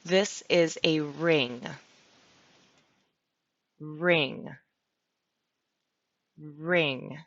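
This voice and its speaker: A woman teaching an English-as-a-second-language class, patiently naming items and repeating each word slowly and clearly. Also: low-pitched. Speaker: ESL teacher. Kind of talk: slow, clear vocabulary lesson. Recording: dull lo-fi sound.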